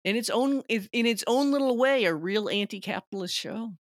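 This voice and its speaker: A woman co-hosting a film podcast, talking in an animated way with lots of restarts and quoted lines. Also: a little high, brisk, no echo, clean studio sound. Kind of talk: casual chat.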